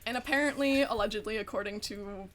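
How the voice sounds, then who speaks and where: A woman's voice: on the high side, fast talker, fairly bright tone, soft background music. A woman streaming a game and chatting casually with her viewers, swearing freely and laughing often. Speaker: VTuber streamer. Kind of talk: casual livestream chat while gaming.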